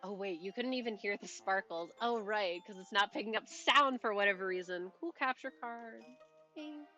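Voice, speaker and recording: A woman game streamer rambles to her chat with a bright, sharp-edged voice, breaking off mid-thought and laughing under her breath. The mic sounds dull and lo-fi, and soft game music plays faintly underneath. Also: mid-range voice, normal speed. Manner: rambling, self-interrupting, chatty with little laughs. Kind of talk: casual live-stream chat while playing.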